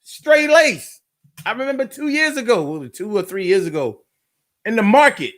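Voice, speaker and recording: Animated slangy man with a high voice. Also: moderate pace. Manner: animated, slangy storytelling with repeated phrases. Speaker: streamer reading viewer comments. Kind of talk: casual live-stream chat.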